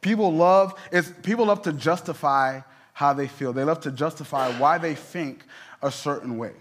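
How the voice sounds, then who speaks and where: Male pastor, slightly high pitch, conversational sermon with emphatic peaks. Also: normal speed.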